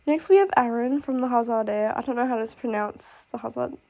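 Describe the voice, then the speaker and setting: A woman's voice: fairly high pitch, fairly quick, gravelly, dark tone. A young woman chatting casually about books she loves, gushing and rambling with lots of fillers, while sick with a cough. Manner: gushing and rambling, full of "like" and "oh my god". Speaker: book vlogger. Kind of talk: casual chat.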